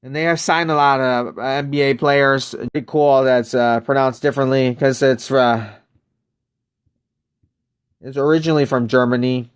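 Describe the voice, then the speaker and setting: A man's voice: medium pitch, steady tone, moderate pace, clean tone. An American man chatting casually on a live game stream, greeting viewers by name and wandering through loose, rambling asides. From United States.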